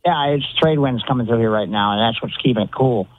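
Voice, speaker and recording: A man's voice: medium pitch, fast, background noise. Easygoing male caller on a tinny line. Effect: phone line. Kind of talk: call-in phone chat.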